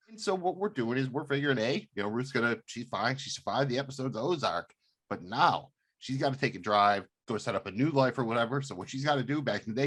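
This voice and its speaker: A man co-hosting a casual podcast, talking in a relaxed, rambling way. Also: mid-range voice, breathy edge. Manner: relaxed, rambling, lots of fillers. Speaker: podcast co-host.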